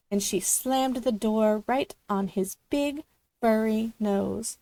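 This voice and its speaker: A woman reading a children's storybook aloud, expressive as she narrates. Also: a little high, slow pace, no echo.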